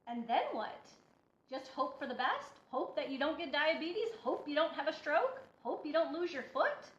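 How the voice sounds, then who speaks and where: A woman's voice: sits high, expressive, moderate pace, a bit bright. A woman giving a blunt, preachy motivational talk as a healthy-eating coach, speaking emphatically to her viewers. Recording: echoey room, dull lo-fi sound.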